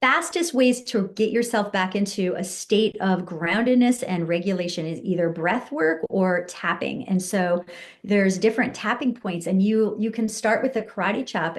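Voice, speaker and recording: A woman coach guests on a podcast and talks at a middle pitch. She explains a tapping routine step by step and speaks affirmations in a slow, soothing way. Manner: calm, instructive, soothing affirmations. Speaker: guest, empowerment coach and hypnotist. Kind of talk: podcast interview, guiding a tapping exercise.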